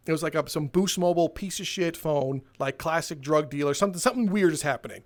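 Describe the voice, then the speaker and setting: A man with a notably high voice spins casual workplace stories while he plays a game. He talks in an animated way and breaks into laughter at his own punchlines. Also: fast talker, hardly any pauses. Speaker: gaming video host.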